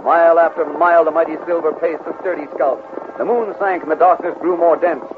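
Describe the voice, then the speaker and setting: Male narrator, vivid dramatic storytelling, fairly high voice, old phone-thin radio sound, music underneath. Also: fairly even intonation, fairly quick, narrow, tinny audio.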